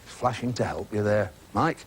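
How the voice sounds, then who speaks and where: A man's voice: fairly low pitch, moderate pace. A man hosting a TV game show, teasing contestants with chummy banter in a studio before an audience. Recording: 1980s broadcast with studio audience and hiss.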